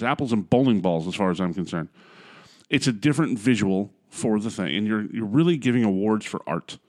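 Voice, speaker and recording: A man co-hosting a podcast in casual chat, teasing his partner and ranting with strong opinions. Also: fairly low pitch. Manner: teasing, laughs often, opinionated rants. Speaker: podcast co-host.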